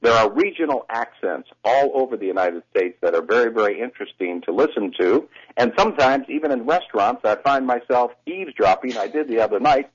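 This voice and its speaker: A man who coaches voices, explaining things in a lively, teacherly way as a guest on a radio talk show, heard over a phone line. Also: medium pitch, brisk, hardly any pauses, slightly rough.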